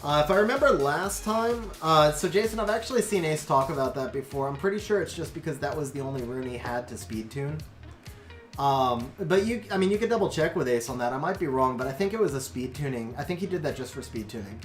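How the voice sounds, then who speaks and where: A game streamer doing excitable play-by-play commentary on a match replay, then chatting casually with viewers. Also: mid-range voice, fairly quick, roomy sound, faint music behind.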